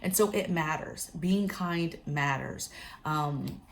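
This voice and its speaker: This prepping vlogger talks slowly in a deep voice, with slight background noise behind her. She shares a story and some advice to camera in a chatty way, regularly speaking straight to her audience.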